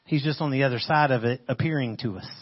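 A man giving a casual, animated sermon, retelling a scripture passage in everyday slang. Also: mid-range voice, fast talker, slightly rough. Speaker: preacher. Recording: muffled lo-fi audio.

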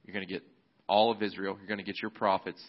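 Male pastor, lowish voice, laid-back sermon retelling, slightly dull recording. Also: little pitch movement, fast talker. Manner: casual, conversational storytelling with fillers.

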